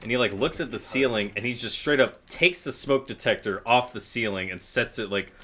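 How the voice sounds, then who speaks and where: A man's voice: mid-range voice, a little fast, bright, forceful tone. A young man casually telling a long rambling story while playing a game, with lots of fillers and swearing.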